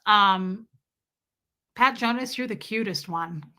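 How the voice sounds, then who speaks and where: Taking her time, this woman talks at a medium pitch with a pushed, bright quality. As host of a live stream, she chats loosely and responds to her viewers' comments one by one with affection.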